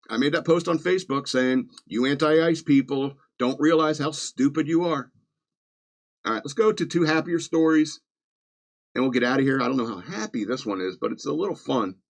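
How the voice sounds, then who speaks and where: A man's voice: fairly high pitch, vocal fry. Sarcastic man hosting a podcast. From Virginia. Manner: sarcastic, chuckling asides. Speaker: podcast host. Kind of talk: casual comedic news commentary.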